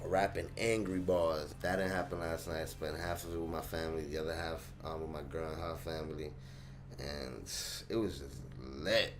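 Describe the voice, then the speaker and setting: A young man telling a personal story to his vlog audience in an animated, slangy way. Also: a bass voice, normal speed, noisy background. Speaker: channel host.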